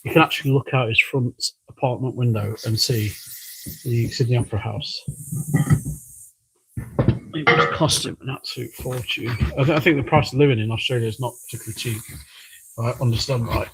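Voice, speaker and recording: A man with a British accent chats his way through a live stream in his workshop, rambling and thinking aloud between tasks. His voice is gravelly and husky. He talks at a middling pitch. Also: fairly even intonation, normal speed, pauses often, low-quality recording. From United Kingdom. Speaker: livestream host. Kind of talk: casual live-stream chat while working. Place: workshop with a balloon printing machine.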